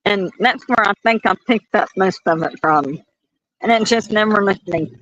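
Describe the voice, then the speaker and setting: On a muffled recording with no echo, a woman with a mid-range, fairly bright voice and a Southern accent from the North Carolina mountains talks into her phone on a nighttime walk outdoors. It's a casual chat, full of laughter and stretched-out stories.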